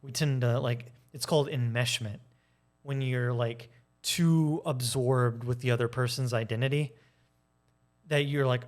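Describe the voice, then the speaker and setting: A man giving a casual personal monologue, candid and animated, acting out arguments in changing voices and swearing now and then. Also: mid-range voice, a little slow. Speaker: video essayist.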